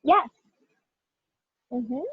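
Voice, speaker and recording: A woman teaching a pronunciation lesson to students, animated and stressing single words in example sentences, checking in often with "right?". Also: high-pitched, extremely slow, husky, no room sound. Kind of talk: classroom teaching. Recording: dull lo-fi sound.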